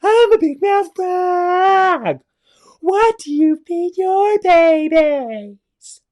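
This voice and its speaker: A big-mouthed mother frog bellows each greeting in a shrill, very high shout, as a man puts her on. She is loud and beaming, her voice thrown from off the mic like a storybook critter that cannot talk quietly. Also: expressive, extremely slow, exaggerated voice. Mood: loud cheerful.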